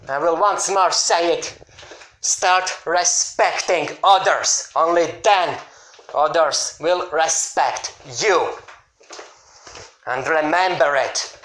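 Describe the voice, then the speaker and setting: Furious ranting man in an echoey room. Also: on the high side. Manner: scolding, repetitive, sometimes shouting. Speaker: YouTuber answering a critic. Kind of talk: angry video rant.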